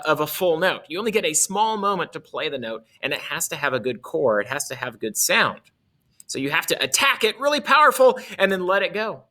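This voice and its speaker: Male music teacher, casual and self-correcting, forceful bright tone with a lively, swinging pitch. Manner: casual, self-correcting, demonstrates on his instrument. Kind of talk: instrument lesson explaining articulation.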